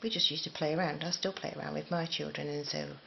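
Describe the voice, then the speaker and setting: A middle-aged woman from the talks through a crochet tutorial in a rambling, self-deprecating way. Her voice sits low with a gravelly fry, and the recording sounds a little dull and lo-fi. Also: fairly even intonation, fast, slight background noise. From England. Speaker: crochet teacher. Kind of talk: casual spoken tutorial.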